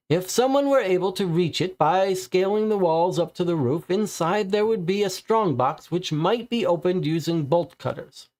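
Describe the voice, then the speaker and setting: Brief: man reading as a nervous male suspect, higher voice, insistent and pleading. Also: a little mellow. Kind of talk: read-aloud case file role-play.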